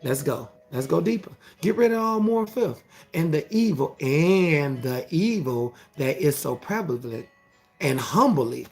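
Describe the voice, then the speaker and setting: A man preaching a motivational sermon, emphatic and repetitive, with a gravelly voice. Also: a little high, animated, measured pace, a little mellow, faint music behind. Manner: emphatic, repetitive, call-and-response phrasing.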